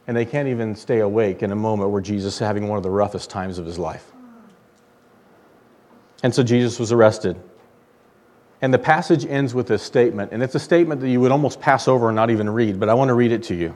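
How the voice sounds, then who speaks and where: A male preacher delivers a sermon in a conversational, earnest tone. When he reads scripture, he slows down and lets each phrase land. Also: mid-range voice, a little mellow.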